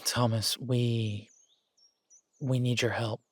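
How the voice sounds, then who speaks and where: A man voicing a weary, earnest young male thief who speaks low and quietly. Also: little pitch movement, takes it slowly, no room sound. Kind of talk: audio drama acting.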